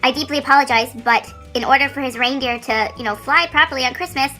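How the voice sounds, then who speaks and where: A woman's voice: sits high, fast talker, bright, forceful tone, faint music behind, pitched above the performer's own voice. A woman voicing her past self as an overly sweet, apologetic young woman working as a mall elf, in a syrupy customer-service tone. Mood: sugary.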